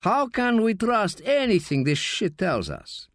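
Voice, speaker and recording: A man's voice: high voice, huge pitch swings, a little slow, no room sound, studio quality, voice pushed up, heavily acted. A man voicing a drunk, combative male journalist with a scornful, slurring manner.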